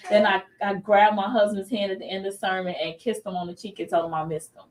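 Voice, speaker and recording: A woman host in her thirties chats through a faith talk show and tells stories with real animation, slipping into the voices of the people she quotes. Her voice sits at an everyday middle pitch. She is recorded a little way back from the mic. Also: fast talker, distant mic, a little hiss or hum, low-quality recording. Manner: animated storytelling, acts out quoted dialogue.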